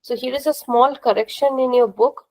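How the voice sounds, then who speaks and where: A woman's voice: sits high, steady tone, moderate pace, a little mellow, rough recording. A woman teacher, patiently explaining grammar rules during a live online class, repeating points and checking that students follow. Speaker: language teacher.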